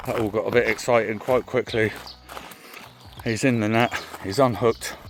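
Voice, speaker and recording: A man's voice: on the low side, steady tone, moderate pace, long pauses, soft background music. A man vlogging his fishing trip in casual chat, calling everyone mate, recorded outdoors by a lake on a phone. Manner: chatty, calls everyone mate. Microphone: handheld phone.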